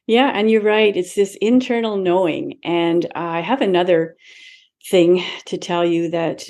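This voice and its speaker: Speaking a little slowly in a mellow, lowish register, this seventies-aged woman is a guest in an interview. Her story is personal and reflective, with old conversations reenacted and soft laughter now and then.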